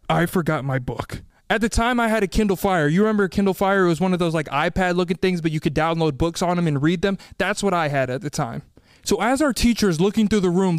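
Young man, high clear voice, dry close mic, animated storytelling podcast. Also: dry recording. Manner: animated storyteller, acting out other people's lines. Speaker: podcast host.

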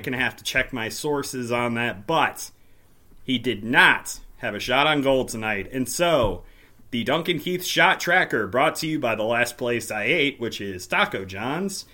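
A man hosting a podcast in casual solo talk, his voice hoarse and raspy as it gives out, with wry self-deprecating humor. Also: mid-range voice, bright, forceful tone. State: hoarse, voice giving out. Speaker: podcast host.

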